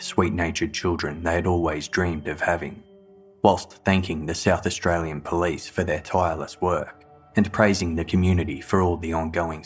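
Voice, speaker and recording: A man narrating a true-crime story in a measured, grave, scripted manner. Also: low voice, breathy edge.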